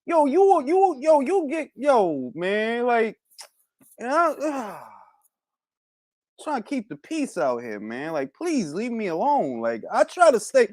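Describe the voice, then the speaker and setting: Animated, profane ranting man. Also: very high-pitched, slow pace, no echo, clean studio sound. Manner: animated, profane, rambling with street slang; switches into Spanish phrases. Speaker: podcast host. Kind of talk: casual rant.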